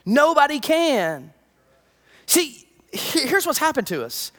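Animated, conversational preacher. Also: high voice, unhurried. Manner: conversational, animated, with many asides. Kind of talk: sermon.

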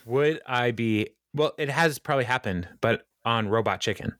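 A man's voice: mid-range voice, normal speed, a bit bright, no echo, studio quality. A man co-hosting a podcast in casual chat, joking and slipping into mock speeches. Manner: playful, jokey, with mock speeches. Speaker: podcast co-host.

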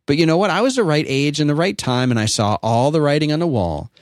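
A middle-aged man hosting a call-in podcast, chummy and animated, calling people dude. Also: on the high side, fast, dry recording, studio quality. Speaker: podcast host. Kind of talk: casual call-in chat.

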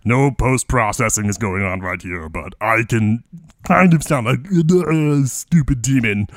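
A man voicing a stupid, crude male demon with a slightly deepened voice and a doubled overtone. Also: measured pace, no room sound, studio quality, lightly acted. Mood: explaining. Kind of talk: comedy podcast banter.

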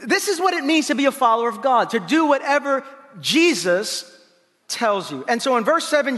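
A male pastor preaching a sermon in an animated, playful way, acting out the lines he quotes. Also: very high-pitched. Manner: animated, playful preaching with laughs and voiced asides. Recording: long hall reverb.

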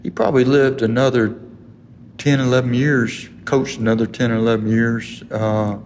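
A man's voice: medium pitch, little pitch movement, moderate pace, a little mellow, slight background noise. Older man spinning a folksy yarn. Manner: folksy storyteller who laughs through the tale. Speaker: sportswriter telling a story as guest. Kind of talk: casual anecdote in an interview. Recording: long hall reverb.

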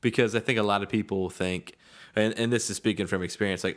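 A man's voice: lowish voice, steady tone, fast, hardly any pauses. A man in his thirties hosting a casual podcast, easygoing and rambling, poking fun at himself. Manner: easygoing, rambling, self-deprecating. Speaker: podcast host.

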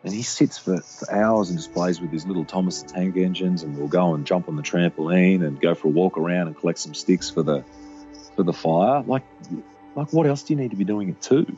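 Brief: low, mellow-toned male guest, thoughtful, pauses a lot with fillers. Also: muffled recording, faint music behind. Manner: reflective, halting with many fillers. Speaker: podcast guest. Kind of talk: casual conversation.

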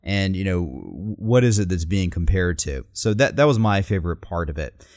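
Male co-host, animated analytical chat, low voice, dry close recording. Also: normal speed, no echo. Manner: animated, quotes speech lines with emphasis. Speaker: podcast co-host analyzing speeches.

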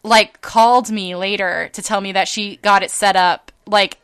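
Bright, animated young woman telling stories. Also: medium pitch, moderate pace, smooth. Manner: animated, acts out quoted people, laughs often, swears casually. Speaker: podcast co-host. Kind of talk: casual storytelling chat.

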